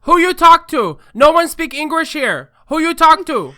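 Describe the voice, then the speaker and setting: A man voicing a curt, angry woman restaurant manager who shouts at guests in clipped broken English. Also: extremely high pitch, sing-song, moderate pace, voice pushed up, full character voice. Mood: angry, scolding.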